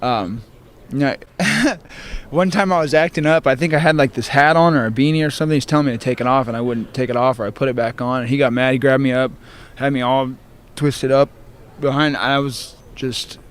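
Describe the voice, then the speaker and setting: A man's voice: mid-range voice, a little fast. A man, a professional fighter, talking casually in interviews, rambling and hesitant with lots of fillers.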